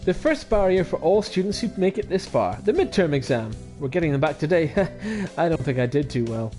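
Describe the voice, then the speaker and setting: A man streaming a visual novel, reading it aloud with animated, laughing asides. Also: fairly high pitch, a little fast, faint music behind.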